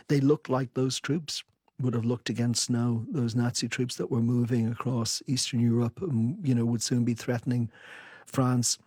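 An author with a mid-range, slightly husky, a little mellow voice answers interview questions thoughtfully and at a measured pace, medium in pitch. He also reads a long passage from his own book. The recording is close and dry, with no echo.

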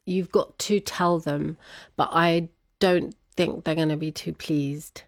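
A woman telling a personal story as an interview guest, laughing often and animated when quoting others. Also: sits low, takes it slowly, no room sound, studio quality.

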